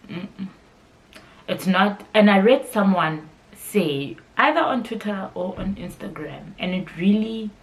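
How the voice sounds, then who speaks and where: A woman's voice: fairly low pitch, poor audio. A young woman hosting her podcast, telling a personal story in a candid, conversational way. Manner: candid and conversational, emotional at times. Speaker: podcast host.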